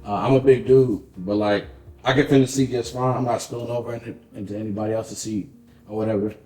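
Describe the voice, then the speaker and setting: A man's voice: on the low side, quick pace, roomy sound, low-quality recording. A man co-hosting a podcast, chatting casually and animatedly, with plenty of swearing and acted-out dialogue. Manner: animated, profane, acts out dialogue. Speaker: podcast co-host. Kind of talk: casual chat, storytelling.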